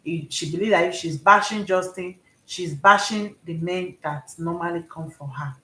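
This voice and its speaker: A woman's voice: fairly low pitch, moderate pace, fairly bright tone. A woman with a Nigerian accent giving casual, rambling commentary and often checking that listeners understand. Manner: rambling, repeats herself, asks "you understand?". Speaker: commentary vlogger. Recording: roomy echo.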